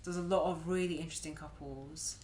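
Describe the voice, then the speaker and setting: A woman co-hosting a podcast in casual chat, giggly and chatty with soft trailing asides. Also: low-pitched, steady tone, a little fast, a little hiss or hum. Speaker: podcast co-host.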